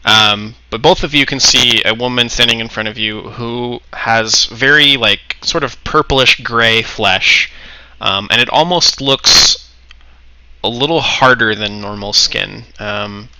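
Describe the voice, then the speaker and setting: A man runs a tabletop game as game master, describing the scene in an easygoing, halting way full of fillers. His voice is very bright. The sound is close and dry. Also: mid-range voice, clean tone, dry recording, low-quality recording. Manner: easygoing, hesitant, with many fillers.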